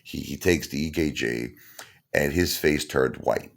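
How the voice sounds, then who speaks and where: Deep, gravelly male storyteller; rambling, animated comedic anecdote. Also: a little slow. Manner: rambling, animated, repeats himself, laughs at his own story.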